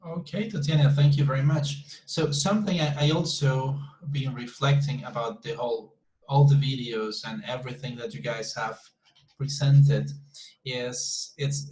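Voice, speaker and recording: A man's voice: medium pitch, a little mellow. Man, English teacher, video call, rambling and encouraging, echoey room. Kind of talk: online class discussion. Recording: roomy echo.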